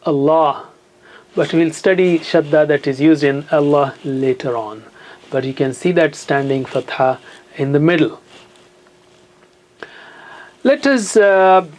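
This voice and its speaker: A man's voice: on the high side, darkish tone. A man teaching Quran recitation in a classroom lesson, patiently repeating letter sounds and words for students to copy.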